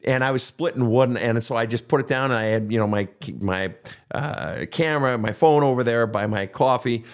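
Speaking at a medium pitch and a brisk clip, this middle-aged counseling podcast host delivers a casual advice monologue. He talks bluntly, curses often, and performs the voices of those he quotes, outbursts included.

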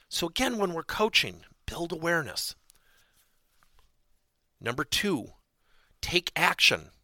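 A man hosting a podcast lesson on workplace coaching, animated and repeating his key points for emphasis. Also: a little high, no room sound, clean studio sound.

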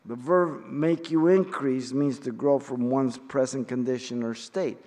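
A middle-aged man leads a Bible study, working through the text in a measured, emphatic teaching voice. He pauses often and now and then drops in a filler. His voice rings with the long reverb of a church hall. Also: mid-range voice, fairly even intonation, mellow.

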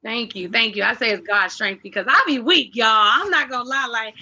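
A woman's voice: fairly high pitch, fairly quick, pushed and bright, breathy edge, dull audio. A woman speaking as an interview guest in a candid, earnest way, often circling back with fillers and restarts. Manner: earnest, faith-driven, with many fillers and restarts.

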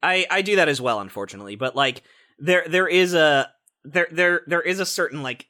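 A man's voice: a little high, animated, fairly quick, pushed and bright. A young man co-hosting a podcast, talking animatedly in casual chat, swearing often and restarting his sentences. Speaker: podcast co-host.

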